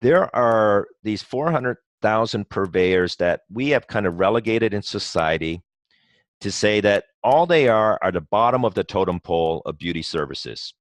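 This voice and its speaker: A man's voice: fairly low pitch, animated, normal speed, dry recording. A man speaking as a guest in a podcast interview, talking passionately in long runs full of "you know" and restarts. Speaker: guest, company co-founder.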